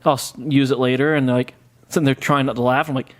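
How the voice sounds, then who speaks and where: A man guesting on a podcast, telling jokey stories with deadpan bits. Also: mid-range voice, quick pace. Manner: joking storyteller, deadpan bits. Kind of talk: casual podcast banter.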